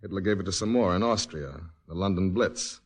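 An actor playing an earnest, idealistic young writer who has joined the army, in a 1940s radio drama, thoughtful and gently humorous. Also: male voice, low voice, brisk, breathy edge.

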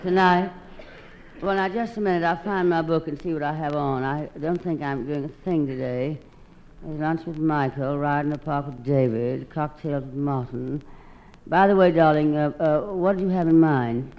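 A woman with a husky, theatrical drawl doing a sardonic, self-mocking comic monologue as one side of a phone call. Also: sits low, fairly even intonation, normal speed. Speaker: comedienne. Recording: dull old recording with loud hiss.

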